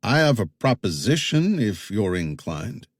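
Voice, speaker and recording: A man's voice: lowish voice, very animated, a little slow, no room sound. A man voicing a wary young male investigator from Tennessee in an audiobook, giving guarded, dry answers.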